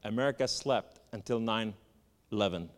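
A man from the Middle East giving a spoken testimony, telling his story with animated, emphatic lists. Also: fairly low pitch, normal speed. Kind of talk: testimony sermon. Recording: long hall reverb.

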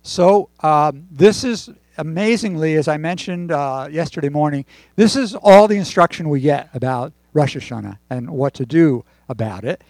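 A man's voice: on the high side, dry recording. Dry-sounding man preaching a holiday sermon. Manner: warm conversational preaching with pauses and fillers. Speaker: congregation leader. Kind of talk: sermon with prayer and joke.

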